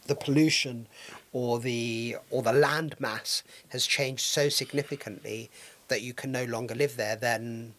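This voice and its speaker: A man's voice: mid-range voice, fairly even intonation, measured pace, fairly bright tone. A man hosting a casual discussion, talking with many ums and restarts. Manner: hesitant, many fillers and restarts.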